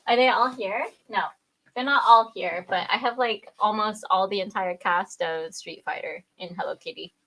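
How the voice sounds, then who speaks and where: A young woman, a podcast guest, telling a story in animated casual chat, laughing often and acting out her own reactions with loud squeals. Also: medium pitch, moderate pace.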